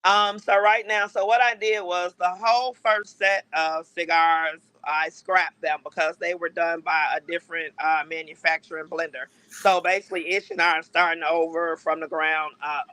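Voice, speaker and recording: A woman's voice: lowish voice, fairly even intonation, normal speed, bright, forceful tone, dry recording, poor audio. A woman guest on a podcast, a cigar brand owner, speaking frankly with many fillers and restarts. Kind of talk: casual podcast interview.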